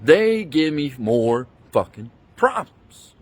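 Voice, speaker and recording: A man's voice: a little high, sing-song, takes it slowly, no echo. A man angrily retelling a bad experience in a profane, indignant rant, talking into a handheld phone he keeps switching between hands. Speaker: vlogger. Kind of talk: angry storytime rant.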